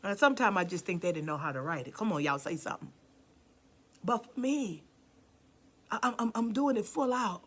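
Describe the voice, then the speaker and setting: A woman's voice: mid-range voice, animated, a little fast, pauses often, fairly bright tone. A woman pastor preaching with passion, calling out to the congregation and sometimes dropping to a near-whisper for emphasis. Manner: impassioned, calls out to the congregation. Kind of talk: sermon.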